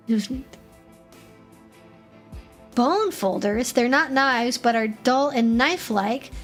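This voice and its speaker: A young adult woman hosting a casual live stream, chatting loosely with frequent fillers and restarts as she answers questions from chat. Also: on the high side.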